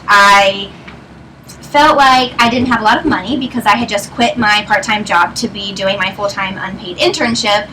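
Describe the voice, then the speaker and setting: With a bright, forceful, mid-range voice, a young woman in her twenties from Northern Virginia narrates a story in a chatty way to a live audience at a meeting, laughing throughout. The recording is distant-miked, with clear noise.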